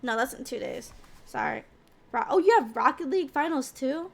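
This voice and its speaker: High-voiced woman chatting on a stream. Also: sing-song, normal speed, vocal fry. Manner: playful, teasing, chatty. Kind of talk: casual chat with viewers.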